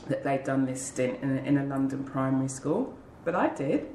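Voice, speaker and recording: A woman's voice: very deep voice, moderate pace, mellow, a little hiss or hum. A woman guest in an interview, earnestly telling a heartfelt personal story and acting out the voices of people she quotes. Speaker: interview guest, school leader. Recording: roomy echo.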